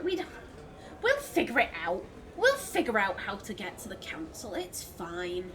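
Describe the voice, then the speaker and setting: A woman hosting a let's play, her voice high and bright. She talks casually and chattily over the game, swearing freely and laughing easily. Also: big pitch swings, slow pace, slight background noise. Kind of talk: casual gameplay commentary.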